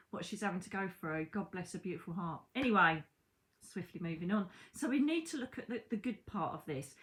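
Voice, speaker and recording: A British woman, a psychic medium, chatting casually to camera from home, animated, with asides to the viewer and mild swearing. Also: medium pitch, poor audio. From Britain. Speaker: psychic medium and channel host. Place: her own home, indoors.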